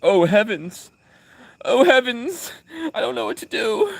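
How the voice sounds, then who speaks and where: A man's voice: extremely high pitch, very animated, unhurried, vocal fry, no room sound, pitched above the performer's own voice, exaggerated voice. A man voicing a flustered, prissy English colonist who frets in fussy exclamations.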